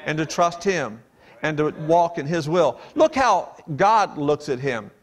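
Measured in pace yet lively in intonation, this slightly high male voice belongs to a preacher who reads King James verses aloud and expounds on them with earnest emphasis.

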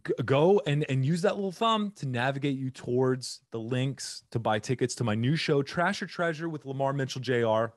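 A man's voice: mid-range voice, no room sound, clean studio sound. A man hosting a comedy podcast who talks in a goofy, joking way full of rambling asides, recorded on a podcast mic. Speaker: podcast host.

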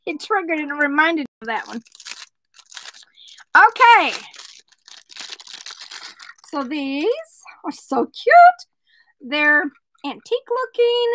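Bright high-voiced chatty woman vlogger. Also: very animated, drawn-out words, pauses often, poor audio. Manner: chatty, playful, talks to viewers by name. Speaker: jewelry seller. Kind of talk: casual product vlog with joke telling.

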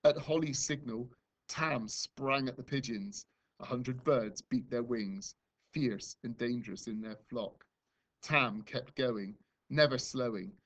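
A man who teaches primary school reads a novel aloud to his pupils. He tells it expressively, swelling and dropping for drama. His voice sits at an ordinary middle pitch. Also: a little slow. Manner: expressive storytelling, dramatic dynamics. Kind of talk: reading a novel aloud to a class.

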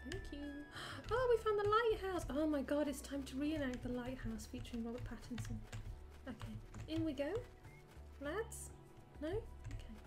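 A woman's voice: sits high, normal speed. A young British woman streaming a video game at home, chatting casually and breaking into giggles and squeals. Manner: giggly and excitable, bursts into squeals and shrieks. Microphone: desktop mic with headphones. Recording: game music playing behind.

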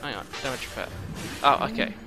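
Anxious, swearing gamer. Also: male voice, mid-range voice, fast. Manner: anxious, swearing self-talk. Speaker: gaming commentator. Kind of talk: let's play commentary. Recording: game music behind. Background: racing game music.

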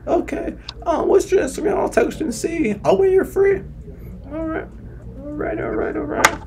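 High-pitched put-on voice, a man. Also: normal speed, vocal fry, noisy background. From New Jersey. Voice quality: put-on high falsetto voice that slips deeper. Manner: brash, swearing, pushy. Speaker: streamer. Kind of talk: prank chat with a stranger.

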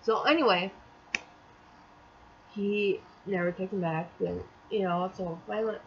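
A woman's voice: mid-range voice, fairly even intonation, measured pace, pauses often, dull audio, a little hiss or hum. A young adult woman telling a storytime vlog in casual chat, rambling and exasperated, acting out the quotes as she goes. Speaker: vlogger.

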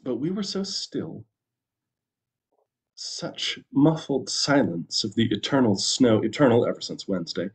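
A man, a minister, reading a story aloud at a church service with an expressive storytelling delivery. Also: medium pitch, a little slow.

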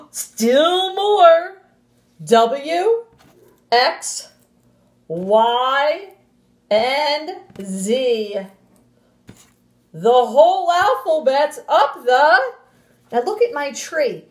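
A woman teacher reading a picture book aloud to young children, animated and expressive, with gasps and playful sound effects, then giving the class instructions. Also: high voice, very slow, pauses often. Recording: roomy echo.

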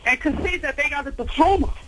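Very high-voiced woman caller. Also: fast talker, fairly bright tone, slight background noise, rough recording. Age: adult mother.

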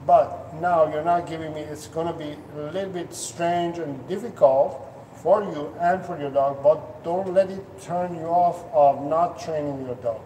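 A man speaking slowly with a fairly high but mellow voice. He coaches earnestly, often restarting his sentences and filling pauses. The sound is roomy and reverberant, picked up from a distance. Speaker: dog trainer. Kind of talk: instructional talk to camera. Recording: echoey room, distant mic, faint noise.

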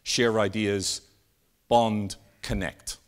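A man giving a live keynote talk, telling stories and jokes with animated, sweeping emphasis. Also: fairly low pitch, very slow. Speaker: keynote speaker. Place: conference stage with an audience.

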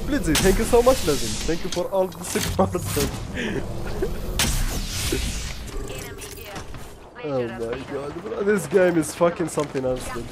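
Excitable swearing streamer man, gunfire behind. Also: a little high, slow pace, long pauses, noisy background. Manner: excitable, swears a lot, panicky outbursts. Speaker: game streamer. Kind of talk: live gameplay commentary. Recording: loud gunfire over the voice. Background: game gunfire and explosions.

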